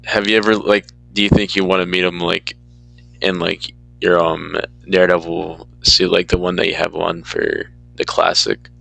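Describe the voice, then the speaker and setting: A man's voice: sits low, little pitch movement, normal speed, vocal fry, pushed and bright, dry recording, poor audio. A man hosting a podcast, asking questions in a laid-back, easily amused way. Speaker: podcast host. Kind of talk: casual chat.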